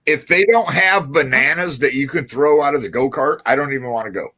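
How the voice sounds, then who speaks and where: Male co-host, lively storyteller, bright forceful voice. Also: mid-range voice, brisk. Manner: animated storytelling with acted-out quotes. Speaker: podcast co-host. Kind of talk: casual chat.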